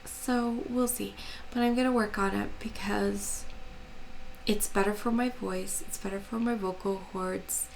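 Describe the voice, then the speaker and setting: Slow, gravelly-voiced woman chatting softly. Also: mid-range voice, steady tone, a little hiss or hum, low-quality recording. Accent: American. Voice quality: gravelly, slow and soft-spoken. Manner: rambling, hesitant, frequent ums. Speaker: crafting channel host. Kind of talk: casual chat to camera.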